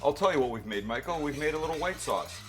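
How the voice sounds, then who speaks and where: Talking fast and animated in a slightly high voice, a middle-aged man runs a casual cooking demo over music. He's chatty and teasing, answering his own questions from a home kitchen with low ceilings, and his handheld mic is occasionally held close.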